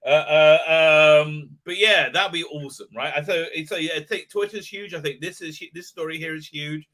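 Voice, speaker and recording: A man's voice: a little high, moderate pace, bright, forceful tone. A middle-aged man hosting a live stream, rambling casually with lots of fillers and blunt jokes. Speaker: host.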